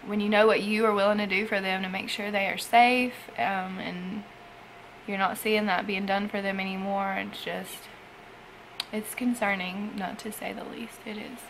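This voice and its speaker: A young woman speaks in a personal vlog, emotional after a night of crying, her sentences halting and trailing off into sighs. Her voice has a gravelly fry and stays fairly level in pitch. A faint hiss sits under the recording. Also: fairly even intonation. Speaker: foster parent vlogger.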